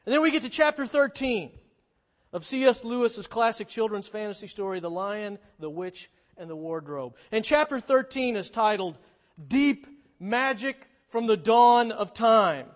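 A preacher, a man with a fairly high voice, retells a storybook tale to his listeners. His delivery swings between lively stretches and hushed ones. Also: a little slow. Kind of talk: sermon with storybook reading.

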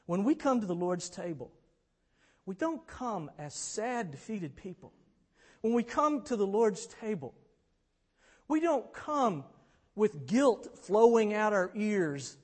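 High-voiced man preaching in a reverberant hall. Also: very animated, slow pace. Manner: dramatic storyteller, swings from hushed to loud. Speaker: pastor. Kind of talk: sermon storytelling.

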